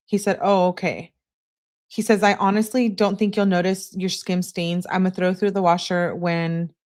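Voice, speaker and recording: A young woman with a somewhat low voice reads text messages aloud for a true crime audience. She reads casually and keeps stopping to add blunt, scornful comments of her own.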